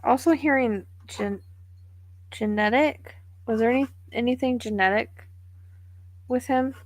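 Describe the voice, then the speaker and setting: A woman's voice: on the high side, unhurried, no echo. A woman psychic medium giving a live reading, thinking aloud in a musing, tentative way.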